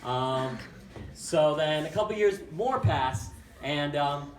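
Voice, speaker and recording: A man's voice: fairly high pitch, expressive, slow, a little hiss or hum. Rambling young male stand-up comic. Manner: rambling, filler-heavy, self-mocking delivery. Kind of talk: stand-up storytelling. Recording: echoey room from far off with crowd.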